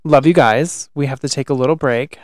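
A man's voice: medium pitch, a little fast, no echo, clean studio sound. A man co-hosting a casual podcast chat, stoned, giggling and rambling as he talks. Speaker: podcast co-host.

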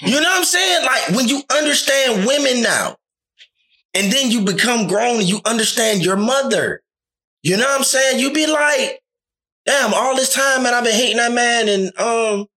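Animated high-voiced man acting out quotes. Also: normal speed. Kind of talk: casual chat.

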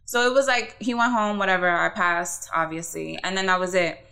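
A young woman telling a story in casual podcast chat, animated and full of swearing and fillers. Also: fairly low pitch, brisk, gravelly. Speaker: podcast co-host.

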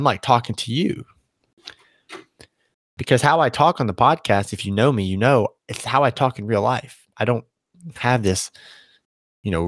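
Here a young solo podcast host speaks at a medium pitch, rambling casually and often revising what he says mid-sentence. The recording is dry, with clean studio sound.

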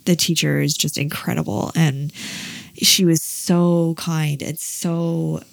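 Low gravelly woman telling a story. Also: level tone, slow pace. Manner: chatty storytelling, many fillers. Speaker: parent. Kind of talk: casual chat.

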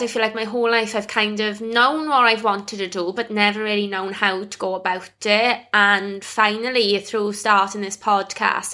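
A young British woman talks alone on her podcast. Her voice is bright and forward, and she speaks at a middling pitch. She sounds earnest and heartfelt as she thanks her listeners. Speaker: podcast host. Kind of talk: casual solo podcast monologue.

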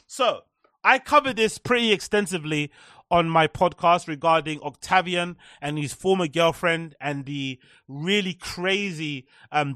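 Ranting sarcastically on his live stream, this young commentary host swears constantly and repeats himself. The voice is high and a bit bright, and the recording is dry and studio quality.

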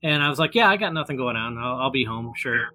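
A man's voice: mid-range voice, lively intonation, fast talker, bright, forceful tone, dry recording. A man telling a personal story in casual chat, rambling with many fillers and restarts and acting out the voices he quotes. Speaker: guest storyteller. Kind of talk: casual anecdote.

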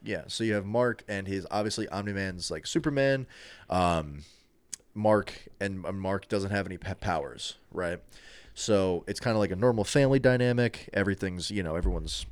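A man with a very low, deep voice talks loosely on a podcast, circling back and restarting his sentences. The sound is dry and close, with no room around it. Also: moderate pace, no echo. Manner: rambling, many restarts and fillers. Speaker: podcast co-host. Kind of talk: casual chat.

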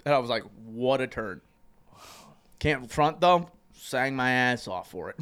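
A young man on a casual podcast, telling stories with lots of swearing and loud mimicking. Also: measured pace, clean tone. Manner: animated, profane, jumps into loud high voices when quoting. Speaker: podcast co-host. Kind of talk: casual storytelling chat.

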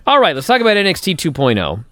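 A man's voice: a little high, huge pitch swings, fast talker, a bit bright, no room sound, clean studio sound. A man co-hosting a casual wrestling talk show, bantering sarcastically. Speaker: podcast co-host.

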